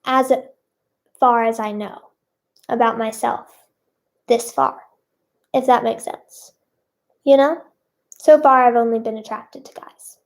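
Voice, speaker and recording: Bubbly high-voiced young woman chatting. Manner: bubbly, self-conscious, lots of fillers. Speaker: singer answering fan questions. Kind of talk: casual chat.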